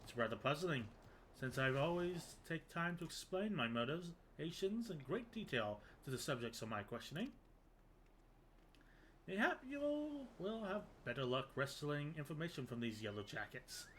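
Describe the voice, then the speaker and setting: A man's voice: on the high side, very animated, moderate pace, fairly bright tone, slight background noise, pitched above the performer's own voice, low-quality recording. A man voicing a fussy, long-winded woman scholar with prim, old-fashioned wording. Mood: earnest. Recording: game music behind.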